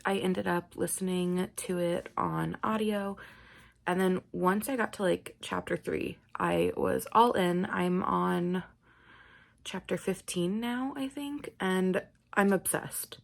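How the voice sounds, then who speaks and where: A woman's voice: medium pitch, gravelly. A young woman chatting in a casual reading vlog, gushing and laughing often as she talks about what she's reading. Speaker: book vlogger.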